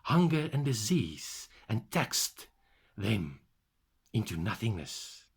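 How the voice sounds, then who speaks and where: A man giving a dramatic spoken-word monologue in the voice of a tyrant king, with a slow, mocking, theatrical delivery. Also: lowish voice, big pitch swings, gravelly, husky. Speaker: speaker voicing a tyrant king.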